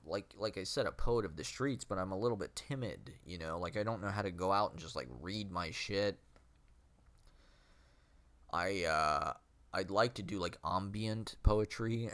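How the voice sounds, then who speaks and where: A man with a fairly low, slightly nasal voice talks to his own camera in a loose, rambling monologue. He circles his thoughts with fillers and self-questions, laughing now and then as he goes. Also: a bit bright. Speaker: vlogger and aspiring street poet.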